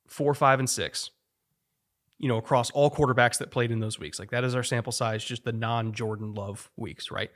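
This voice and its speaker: A man's voice: medium pitch, fairly bright tone. Opinionated man breaking down football. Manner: opinionated, stat-heavy, frequent restarts. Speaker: football podcast host. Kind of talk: casual sports analysis chat.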